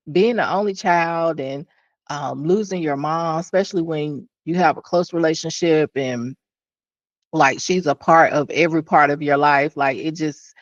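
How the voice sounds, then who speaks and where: A woman's voice: deep voice, no echo, dull audio. A woman hosting a podcast, telling a personal story in a candid, conversational way with restarts and asides to her listeners. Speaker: podcast host.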